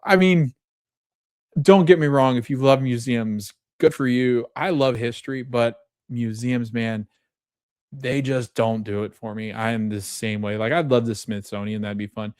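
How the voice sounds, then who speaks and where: A man hosting a podcast, recapping a TV episode in a chatty, animated way with lots of fillers and laughs. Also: mid-range voice, normal speed, clear, resonant tone, no room sound, studio quality. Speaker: podcast host.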